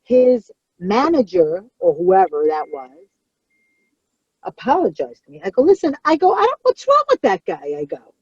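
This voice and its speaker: A woman comedian, around middle age, telling stories in podcast chat in a blunt, profane, animated way. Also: medium pitch, normal speed, husky, no room sound. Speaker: comedian guest. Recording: dull lo-fi sound.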